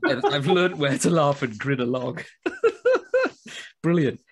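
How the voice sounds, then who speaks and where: A British man hosting a podcast, telling anecdotes in an animated, jokey way. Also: on the high side, slow, very noisy. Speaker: podcast host. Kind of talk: casual storytelling chat.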